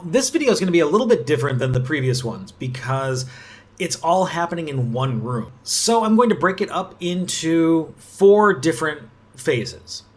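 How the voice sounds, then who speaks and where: A man hosting a puzzle-solving video, talking it through in a chatty way and rising in pitch on key words. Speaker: puzzle channel host. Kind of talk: casual puzzle-solving commentary.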